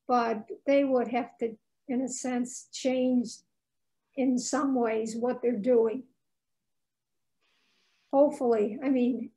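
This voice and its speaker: A woman's voice: high-pitched, dark tone, poor audio. A woman author as a podcast guest, telling stories with passion and indignation. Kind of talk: casual interview chat.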